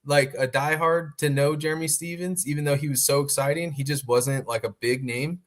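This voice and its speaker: A man co-hosting a casual podcast, telling stories in a profane, animated way. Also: a little high, fairly quick. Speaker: podcast co-host. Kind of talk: casual chat.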